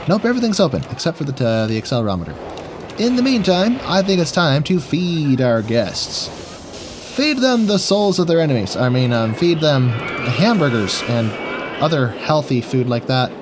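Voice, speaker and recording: A man's voice: on the high side, big pitch swings, moderate pace, background noise. A man giving goofy, jokey gameplay commentary while talking to himself as he plays. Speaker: gaming video host.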